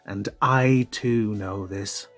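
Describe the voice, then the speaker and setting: Male audiobook narrator, unhurried and wry, faint music behind. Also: on the low side. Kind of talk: scripted narration.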